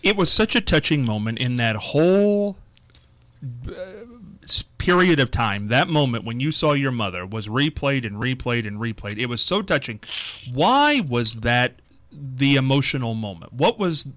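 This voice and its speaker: A male interviewer with a lively, varied pitch asks his guest probing questions. He lingers on the emotional moment of the story. The recording is dry and close. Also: normal speed, no echo.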